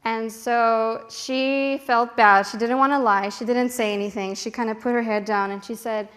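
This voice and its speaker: Higher-voiced woman telling a children's story. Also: unhurried. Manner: animated, asks the children questions.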